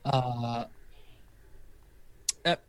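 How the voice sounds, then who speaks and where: A man co-hosting a casual chat, talking in halting bursts with many restarts. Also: mid-range voice, clear, resonant tone, no echo. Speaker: podcast co-host.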